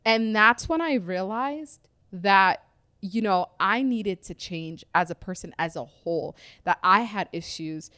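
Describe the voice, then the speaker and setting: A woman's voice: mid-range voice, expressive, measured pace, sharp tone, no room sound. A woman with a mid-range voice tells her own story as a podcast guest. She is reflective and loose, with plenty of fillers. The sound is close and dry. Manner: conversational, reflective, with frequent fillers. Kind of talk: candid personal storytelling.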